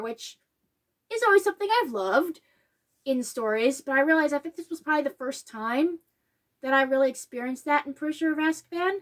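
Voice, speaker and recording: A woman giving a casual, emotional reflection on a film. She talks animatedly and gets choked up. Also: fairly quick. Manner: animated, acts out quotes in a higher voice. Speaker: video essayist.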